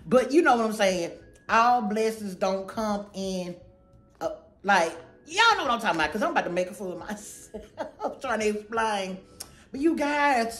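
A woman's voice: mid-range voice, roomy sound. A woman hosting her own channel, chatting casually and goofily to camera about a shopping haul, rambling with lots of slang. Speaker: channel host.

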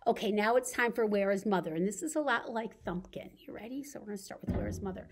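A woman's voice: medium pitch, quick pace. A woman leading a baby storytime as a children's librarian, reading picture books and rhymes in a playful sing-song way with gasps and sound effects.

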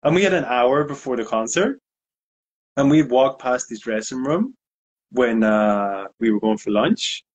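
A man's voice: mid-range voice, measured pace, breathy edge. A man in a casual interview, telling a story with lots of fillers and acted-out quotes. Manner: animated anecdote, acts out quotes. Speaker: guest DJ.

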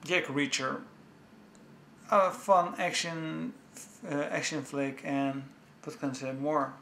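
Man, casual movie vlog, eager and halting, gravelly tone, echoey room. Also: fairly high pitch, fairly even intonation, bright, forceful tone, a little hiss or hum. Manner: enthusiastic, halting, many restarts. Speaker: movie vlogger. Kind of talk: casual home-video review.

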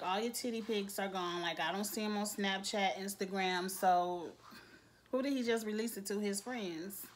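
A young woman casually recapping a TV episode, sassy and quick to laugh, acting out the characters' lines. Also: mid-range voice. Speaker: TV show reviewer.

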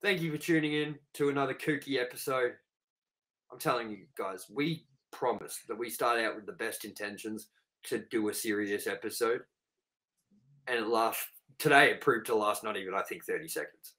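A rowdy Australian man co-hosting a casual podcast, swearing freely and joking around. His voice is bright and forceful. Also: on the low side, moderate pace, rough recording. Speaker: podcast co-host.

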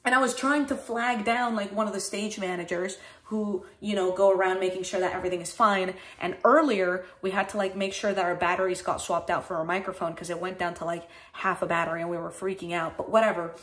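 Animated, swearing woman streamer. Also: mid-range voice, brisk, hardly any pauses. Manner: animated, swears often, acts out her own past reactions. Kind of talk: casual storytelling on a livestream.

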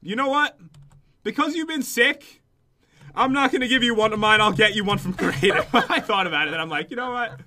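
A man's voice: sits high, fairly quick, soft background music. A young man playing a video game, cracking jokes and teasing his co-player. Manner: joking, teasing, excitable. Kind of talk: casual gameplay chat.

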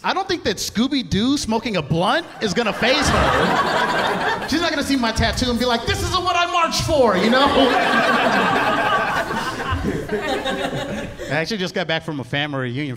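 A young man performing a stand-up comedy set, telling stories in an animated way with laughing asides. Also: high voice, moderate pace, pauses often. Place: large comedy venue with live audience. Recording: live hall reverb with audience noise.

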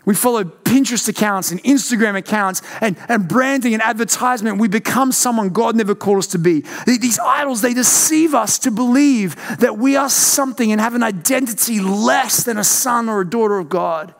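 A young pastor preaches to his church in a high, bright-toned voice. He pushes up into loud outbursts, then drops to quiet, searching questions. It is a passionate, heartfelt sermon. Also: brisk, gravelly, hardly any pauses. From Australia.

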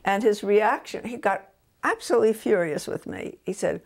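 An older woman author from New Jersey, telling stories about her books in a relaxed interview at home. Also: medium pitch, normal speed, gravelly. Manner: animated anecdotes, voices quotes of her son.

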